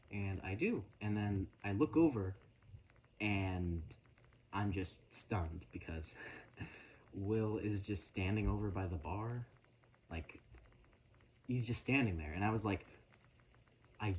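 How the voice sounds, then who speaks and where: A young man vlogging into his phone, telling a story in an earnest, halting, emotional way with a casual rambling style. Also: on the low side, a little hiss or hum, rough recording.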